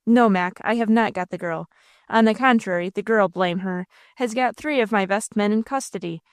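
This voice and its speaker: A woman's voice: medium pitch, moderate pace, smooth, no room sound, clean studio sound, natural voice. A woman voicing a bold, blustering male robber captain who gives orders to his gang. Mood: commanding. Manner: blustering, rousing, theatrical.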